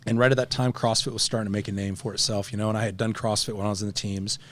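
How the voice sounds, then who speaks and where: A middle-aged man, a podcast guest, telling stories in a casual, animated way, full of slang and acted-out voices. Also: on the low side, rapid-fire. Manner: animated, acts out voices in anecdotes; slangy, says "bro" often. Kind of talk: casual storytelling.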